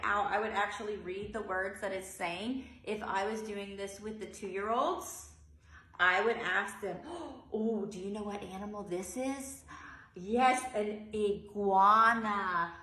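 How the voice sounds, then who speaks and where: An animated preschool teacher, a woman, reading a picture book aloud in a lilting sing-song voice and acting out big, drawn-out yawns. Between pages she gives other teachers practical tips. Her voice rings in a roomy, echoey space. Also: mid-range voice. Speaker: early childhood teacher.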